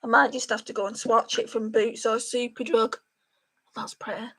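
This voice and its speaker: A woman's voice: on the high side, flat delivery, fairly quick, fairly bright tone. A woman chatting casually to viewers by name while she does her makeup on a livestream. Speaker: beauty livestream host.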